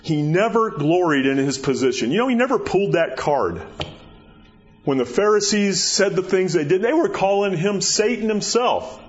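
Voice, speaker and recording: Male pastor, fairly high voice, conversational sermon delivery with repeated words, dull lo-fi capture. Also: animated, moderate pace. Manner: conversational, repeats words, rises in pitch for emphasis. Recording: dull lo-fi recording.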